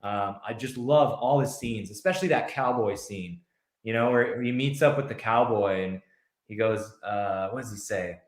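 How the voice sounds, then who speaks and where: A man's voice: fairly low pitch, normal speed, echoey room. A man guesting on a podcast, chatting enthusiastically about films and acting out scenes. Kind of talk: casual film chat.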